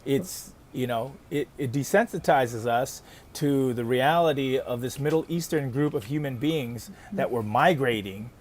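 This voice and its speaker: A man hosting a podcast, talking in an animated, emphatic way and affirming others often. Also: mid-range voice, unhurried. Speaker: podcast host. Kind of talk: podcast conversation.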